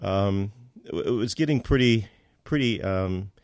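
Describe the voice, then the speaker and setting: Low-voiced man telling a story, halting. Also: a little mellow, no room sound, studio quality. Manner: halting, with many fillers and restarts. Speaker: guest. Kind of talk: storytelling in casual conversation.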